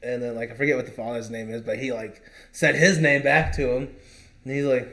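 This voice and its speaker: A man's voice: medium pitch, steady tone, brisk, pushed and bright. Rambling casual male podcast host. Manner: rambling storyteller, fillers and profanity. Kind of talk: casual chat.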